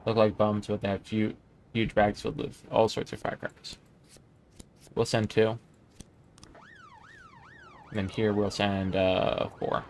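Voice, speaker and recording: A young man casually commenting on a game he plays, reading its text aloud in a low-key way. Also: little pitch movement, unhurried, gravelly, pauses often, a little mellow, slight background noise. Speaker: gaming YouTuber. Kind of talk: let's play commentary.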